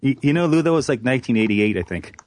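A man from Canada with a Canadian accent, chatting as a guest on a podcast in a quick, friendly way. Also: mid-range voice, expressive, darkish tone. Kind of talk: casual podcast chat.

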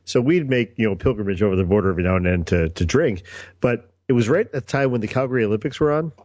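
Relaxed middle-aged male podcaster. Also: fairly low pitch, fast talker, no echo. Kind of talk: casual podcast chat.

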